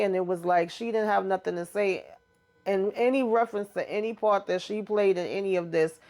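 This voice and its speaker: Woman, TV recap host, casual chat, even monotone delivery, mild swearing, talks to viewers. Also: medium pitch, normal speed. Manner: chatty retelling with frequent mild cursing; addresses viewers directly.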